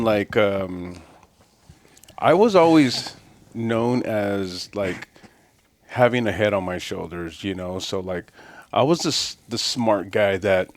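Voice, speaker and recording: Laid-back low-voiced man. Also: no room sound. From East Los Angeles. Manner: laid-back, lots of "you know" and "man". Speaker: guest tattoo artist. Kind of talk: casual podcast chat.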